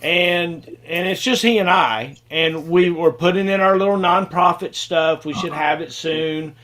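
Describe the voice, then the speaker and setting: A man's voice: a little high, a little slow, fairly bright tone. A man hosting a casual video-call hangout, rambling and repeating words as he thanks people.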